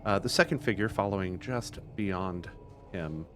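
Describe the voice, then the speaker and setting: Low-voiced hesitant male game master. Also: moderate pace, slight background noise. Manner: hesitant, many fillers. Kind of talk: narrating a tabletop game.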